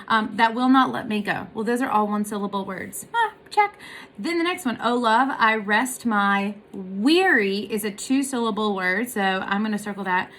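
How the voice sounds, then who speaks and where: A woman's voice: medium pitch, expressive, normal speed, fairly bright tone. A woman giving a casual music lesson, explaining in a chatty way and singing short examples. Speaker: voice teacher.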